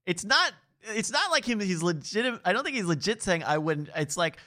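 A man's voice: high-pitched, sing-song, normal speed, sharp tone. A man hosting a quiz game on a podcast, reading out movie quotes playfully. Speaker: quiz host.

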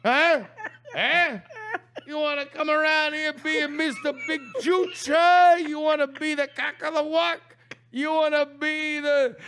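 A man voicing a brash male Italian tough-guy stereotype, shouting aggressive taunts in an improvised comedy bit. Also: extremely high pitch, heavily acted.

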